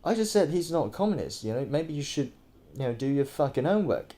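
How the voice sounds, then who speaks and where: Fairly high in pitch, warm and very animated, this Thai man talks fairly quickly. He is a political commentator speaking indoors over a screen recording, and his remarks are casual, profane and exasperated, with frequent fillers and restarts.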